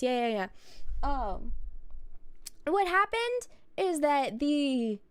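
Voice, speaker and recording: A woman's voice: high voice, very animated, slow pace, no room sound. A young woman streamer telling a rambling travel story in a casual, chatty way, laughing and swearing. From United States.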